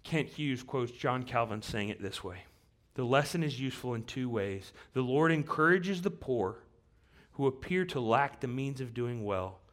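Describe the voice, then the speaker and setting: A man's voice: mid-range voice, a bit bright. A man preaching a sermon, earnest and repeating key phrases for weight, rising to emphatic bursts as he reads scripture aloud. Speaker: pastor.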